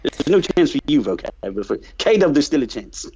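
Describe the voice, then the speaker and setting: A man doing a smug, self-important religious guest with a British accent, sniffing at everyone beneath him. His voice sits a little high. It comes through a muffled, lo-fi call line. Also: big pitch swings, normal speed, darkish tone, a little hiss or hum. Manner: haughty, dismissive, self-important. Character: pompous, condescending male religious guest.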